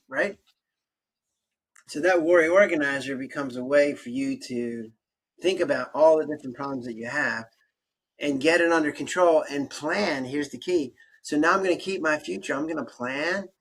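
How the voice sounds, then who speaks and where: A man's voice: fairly high pitch, husky, rough recording. A man on a podcast explaining stress coping tools and acting out both sides of conversations as he tells stories. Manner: animated storytelling, acts out both sides of conversations. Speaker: podcast guest doctor.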